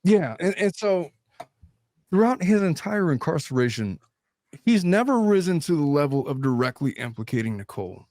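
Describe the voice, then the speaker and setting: A man in his thirties hosting a casual podcast chat, blunt and animated, swearing freely. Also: on the high side, moderate pace, dry recording. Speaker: lawyer and channel host.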